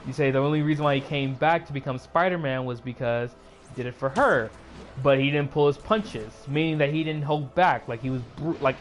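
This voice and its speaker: Man, casual movie recap, rambling, lots of fillers, slightly higher voice, faint music behind. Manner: loose and rambling, full of "like" and "uh", restarts sentences. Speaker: YouTuber recapping a film.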